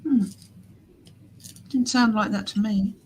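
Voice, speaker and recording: A woman's voice: medium pitch, slow pace, darkish tone, slight background noise. A woman in casual chat on a video call, trading teasing, laughing banter. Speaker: regular chat participant.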